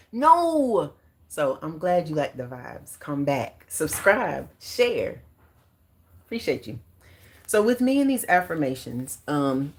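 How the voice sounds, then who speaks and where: A woman in her forties with a low-pitched voice hosts a casual livestream. She talks in a lively, animated way, with bursts of excitement and easy slang, and leads her viewers through affirmations. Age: 40s. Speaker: livestream host and author.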